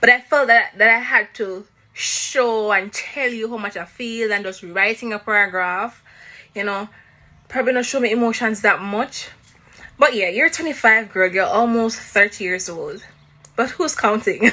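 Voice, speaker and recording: Bright-voiced Jamaican young woman. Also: mid-range voice, a little slow. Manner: affectionate, playful. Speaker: younger sister. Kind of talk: casual personal message.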